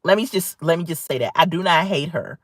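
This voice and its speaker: A woman's voice: sits low, fairly quick, no echo. A young adult woman, talking emphatically to viewers in a casual opinion vlog from her car. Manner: animated, emphatic, talks straight to viewers. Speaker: vlogger. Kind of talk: casual opinion vlog while driving home.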